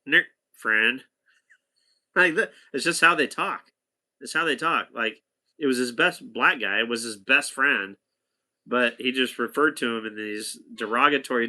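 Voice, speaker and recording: A man spins a loose, chatty anecdote in a bright, forceful voice. He wanders and restarts, pausing for asides to his listener. His pitch sits in a normal middle register. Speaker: storyteller talking to a companion. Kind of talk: casual anecdote telling.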